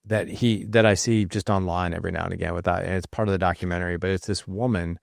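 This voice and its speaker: Low-voiced man telling stories, dry sound. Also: fairly even intonation, fast talker, gravelly, no room sound. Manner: rambling, frequent fillers and restarts. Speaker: podcast host. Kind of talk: casual conversational storytelling.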